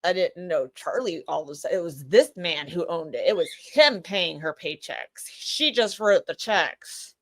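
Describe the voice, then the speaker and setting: A woman's voice: fairly low pitch, expressive, normal speed, hardly any pauses. A woman with a Boston accent giving brash, profane, mocking live commentary on a trial. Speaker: livestream host.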